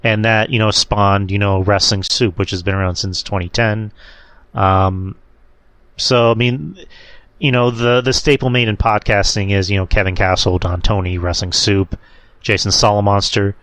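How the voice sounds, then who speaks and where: A young male podcast host with a fairly low voice, chatting casually. He rambles and restarts his sentences often. The sound is close and dry, with no room echo. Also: steady tone, normal speed, fairly bright tone. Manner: rambling, many fillers and restarts.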